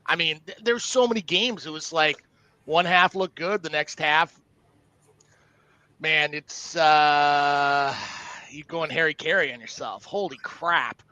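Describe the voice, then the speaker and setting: A man co-hosting a live college football talk show, giving blunt opinions in an animated way with frequent stammering restarts. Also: fairly high pitch, slow. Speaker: co-host. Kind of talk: casual sports talk.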